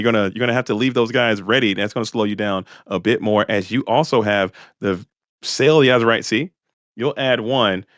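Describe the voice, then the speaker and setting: A man's voice: fairly low pitch, a bit bright, no room sound, clean studio sound. A man commentating a live card game tournament stream, chatty and explaining each play as it happens.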